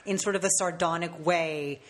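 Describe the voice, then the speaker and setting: A woman co-hosting a film review podcast, calmly and articulately defending her view of a movie. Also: fairly low pitch, normal speed. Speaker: film critic co-host. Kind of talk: casual film review chat.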